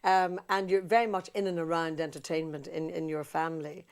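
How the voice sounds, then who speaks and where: Woman host on tv, talks fast, lowish voice, friendly probing questions. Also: fairly even intonation, smooth. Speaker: television host. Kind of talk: chatty television interview.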